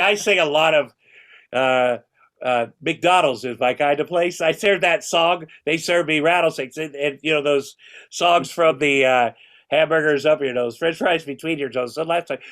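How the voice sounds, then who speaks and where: A man's voice: a little high, fairly bright tone. A man in his sixties, a podcast guest, chatting casually and rambling with restarts and casual swearing. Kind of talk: casual chat.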